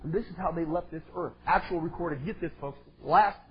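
A male preacher delivering an impassioned sermon, swinging between shouted lines and quiet asides. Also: on the high side, a little fast, husky. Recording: dull lo-fi sound.

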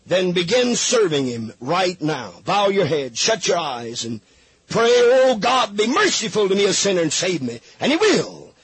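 A man preaching a fiery radio sermon, pleading and rising to shouts. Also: high voice, huge pitch swings, a little slow, breathy edge, no room sound.

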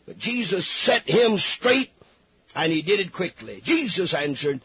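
A man's voice: high voice, big pitch swings, unhurried, fairly bright tone, breathy edge. A man preaching a fervent sermon, reading scripture aloud and pleading with his listeners.

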